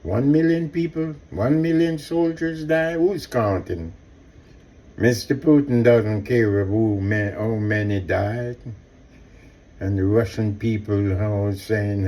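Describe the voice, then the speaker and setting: Male commentator, slow and mellow, impassioned and repetitive, talks straight to the audience. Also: on the low side, steady tone. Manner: impassioned, repetitive, addresses listeners directly. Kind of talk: personal commentary monologue.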